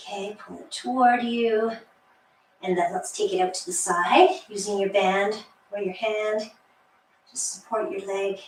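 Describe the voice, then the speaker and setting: A woman's voice: medium pitch, distant mic. A woman leading a workout as a fitness instructor, encouraging and counting down, slightly out of breath. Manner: encouraging, counts down, light laughs. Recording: echoey room, voice off-mic, faint hiss.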